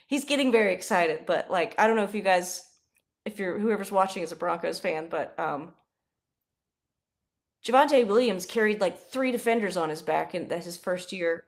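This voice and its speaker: A young woman doing casual live play-by-play of a football game, chatty and rambling, bursting into excited yelling. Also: mid-range voice. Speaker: livestream host.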